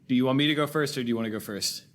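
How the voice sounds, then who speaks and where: A man in easy podcast conversation, voice at a middle pitch. He rambles enthusiastically, backtracks and corrects himself mid-thought. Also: racing, fairly bright tone. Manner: rambling, self-correcting, enthusiastic about film scores. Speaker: podcast co-host. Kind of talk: casual chat.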